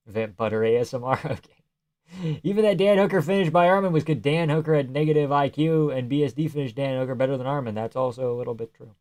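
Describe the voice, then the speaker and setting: Man, live stream host, reads chat aloud, joking, casual, mid pitch. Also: fast talker, a little mellow. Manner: joking, reads viewer messages aloud, trails into near-whispers.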